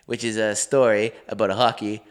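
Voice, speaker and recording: A young man from Canada co-hosting a podcast, telling a story in a loose, swearing, animated way and acting out the voices of people he quotes. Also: on the low side, brisk. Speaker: podcast co-host. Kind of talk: casual storytelling chat.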